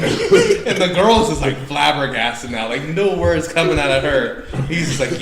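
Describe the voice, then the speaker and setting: A man's voice: a little high, very animated, measured pace, a crowd in the background. A man telling a wild story on a podcast, laughing and swearing as he acts out the people in it. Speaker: podcast guest. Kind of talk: casual storytelling. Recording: echoey room with clear background noise.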